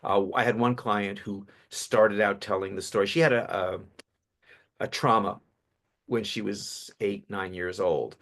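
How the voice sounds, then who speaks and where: Lively man with a low voice. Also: unhurried. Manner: animated storyteller, acts out voices. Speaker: public speaking coach, guest. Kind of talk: casual podcast interview.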